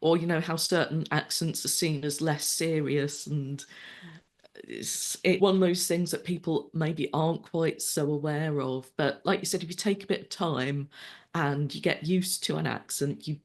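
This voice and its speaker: An adult panelist speaks in a thoughtful, conversational way. The voice sits at a middle pitch. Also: fairly even intonation, moderate pace. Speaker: podcast panelist. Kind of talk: casual panel discussion.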